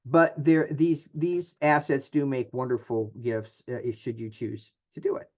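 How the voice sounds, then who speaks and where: A man's voice: mid-range voice, little pitch movement, measured pace, a little mellow. A man giving a presentation on charitable gifts in a conversational style, with frequent filler words and restarts. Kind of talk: webinar presentation. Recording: dull lo-fi audio.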